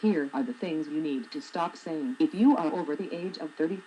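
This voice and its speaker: A woman's voice: low voice, moderate pace, few pauses, mellow, slight background noise, poor audio. A woman in her forties, a blogger reading her own humorous essay aloud with a wry, sarcastic manner. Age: 40s.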